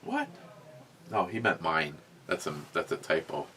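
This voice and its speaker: A man's voice: low voice, wildly swooping pitch, unhurried, noisy background. A man hosting a casual podcast, rambling through a story with many restarts and fillers, and reading out chat comments. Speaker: podcast host.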